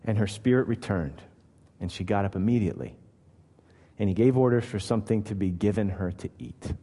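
Emphatic preacher in a reverberant hall. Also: male voice, fairly low pitch, a little fast, mellow. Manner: emphatic, asks the listeners rhetorical questions. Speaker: pastor. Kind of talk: sermon.

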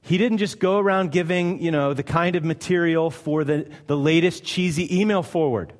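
A pastor with a slightly high voice preaches a sermon at normal speed in a reverberant hall. His style is emphatic yet conversational, full of rhetorical questions.

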